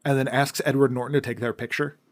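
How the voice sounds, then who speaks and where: A man co-hosting a podcast, talking through a film in an easygoing way. His voice is mid-pitched and ordinary, and he rambles along, letting many phrases sink into quieter asides. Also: flat delivery, fast talker. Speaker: podcast co-host. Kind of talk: casual film discussion.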